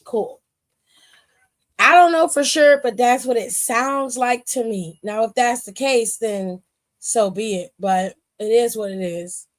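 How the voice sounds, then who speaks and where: A woman with a high, bright-sitting voice talks through a wrestling recap on a stream. She is blunt and sassy, swears freely and fires heated asides at the people she discusses. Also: fairly even intonation, measured pace. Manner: blunt and profane, retells scenes by acting out both sides. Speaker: wrestling aftershow host. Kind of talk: casual recap commentary. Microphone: streaming setup.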